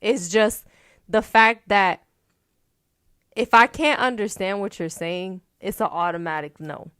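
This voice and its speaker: A woman's voice: mid-range voice, a bit bright, smooth, dry recording, clean studio sound. A woman co-hosting a casual podcast chat, talking frankly and at length. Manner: frank, talkative, fast trailing asides. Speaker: podcast co-host.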